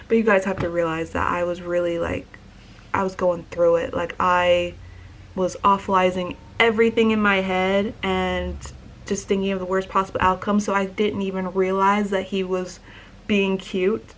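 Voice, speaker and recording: A young woman vlogger telling a story in an excited, gushing way, full of "like" fillers. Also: medium pitch, normal speed. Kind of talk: casual vlog storytelling.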